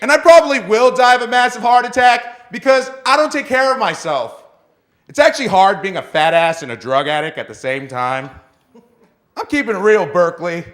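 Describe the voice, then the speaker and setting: Male stand-up comic, high voice with lively swings, self-deprecating. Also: normal speed. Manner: self-mocking punchlines. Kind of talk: stand-up set. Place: small club stage with live audience.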